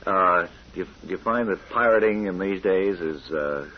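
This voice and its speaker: An actor in a comedy radio sketch playing a polite interviewer who asks hesitant, halting questions. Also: male voice, sits low. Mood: mild. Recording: dull lo-fi old radio recording with faint hiss.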